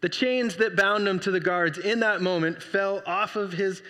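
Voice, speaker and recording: A man preaching a sermon, telling the story with lively energy and acting out the voices. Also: sits high, moderate pace, long reverb tail. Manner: animated storytelling, acts out voices. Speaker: pastor.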